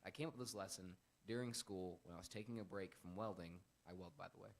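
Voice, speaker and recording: A young man hosting a casual Bible lesson, earnest and emphatic, with animated bursts when quoting. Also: low voice, fast. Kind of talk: casual Bible teaching chat.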